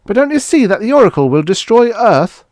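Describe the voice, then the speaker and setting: A man's voice: sits high, very animated, a little fast, a little mellow, no room sound, studio quality, pitched above the performer's own voice. A man voicing a frightened spaceman who pleads urgently in a raised voice. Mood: urgent, pleading.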